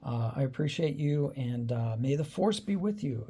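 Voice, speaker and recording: Man, gravelly and dark-toned, easygoing unboxing host who thinks aloud with plenty of ums. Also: fairly high pitch, moderate pace, hardly any pauses. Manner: chatty, thinking aloud with many fillers. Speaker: card-opening channel host. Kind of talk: casual unboxing commentary.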